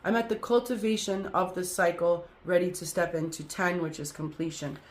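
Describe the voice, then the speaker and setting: A woman's voice: on the low side, fairly even intonation, normal speed. A woman hosting a spiritual group talk and card reading, speaking in an effusive way with chant-like repetition.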